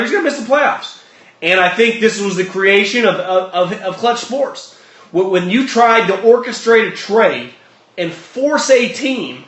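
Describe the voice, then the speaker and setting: A man with a strikingly high voice hosts a sports talk show, ranting in a blunt and profane way. His voice rings out in a roomy, echoey space. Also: a bit bright. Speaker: sports podcast host. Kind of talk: opinionated sports talk monologue.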